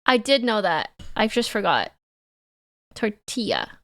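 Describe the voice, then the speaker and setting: A woman's voice: on the high side, expressive, unhurried, a bit bright. A woman from Canada, giving playful live-stream reaction commentary and teasing her chat.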